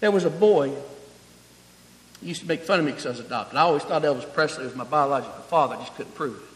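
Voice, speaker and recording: A man preaching a sermon, rising to loud emphatic passages and falling to quiet, close tones. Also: on the high side, fast. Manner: preaching with swelling emphasis, then dropping to soft intimate tones. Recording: long hall reverb.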